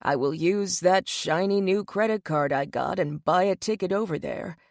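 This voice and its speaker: A woman reading an audiobook, voicing a protective, doting middle-aged father who is gruff and worried. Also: fairly low pitch, moderate pace, darkish tone, no room sound, clean studio sound. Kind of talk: audiobook character voice.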